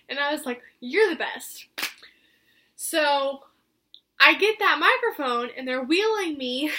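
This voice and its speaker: A woman's voice: high voice, bright, forceful tone. A woman vlogger telling a personal story in a chatty way, filling her talk with "like". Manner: chatty, heavy use of "like" fillers.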